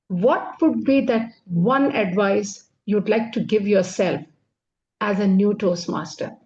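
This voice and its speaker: A woman hosting an online interview, asking questions in a gentle, hesitant way over a video call. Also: mid-range voice. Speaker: interview host. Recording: muffled call audio.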